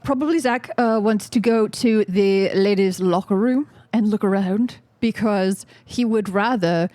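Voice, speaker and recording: A giant chittering lobster holds forth like a serious critic, as a woman puts it on. The delivery is earnest and analytical, in a mid-pitched voice. The sound is dry and close. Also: measured pace, dark tone, dry recording, lightly acted. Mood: lecturing. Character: giant chittering lobster guest, male, lofty. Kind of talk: podcast book discussion.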